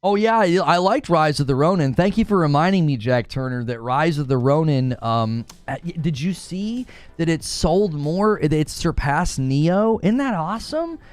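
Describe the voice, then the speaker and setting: A man's voice: fairly high pitch, expressive, moderate pace, hardly any pauses, no echo. A man hosting a live gaming talk stream, reading viewer tips and joking sarcastically, laughing often. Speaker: live talk show host. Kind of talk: live stream commentary reading super chats.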